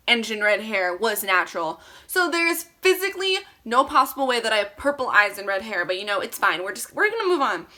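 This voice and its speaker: Woman vlogger, self-mocking and sarcastic, higher-pitched voice, bright. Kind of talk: reading old fan fiction aloud with commentary.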